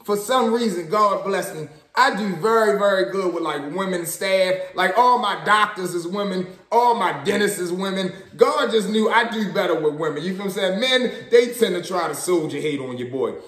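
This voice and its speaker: A young man from Baltimore with a Baltimore accent, casually telling a story in slangy, animated talk with swearing. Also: sits high, moderate pace, hardly any pauses, echoey room. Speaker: storyteller vlogger.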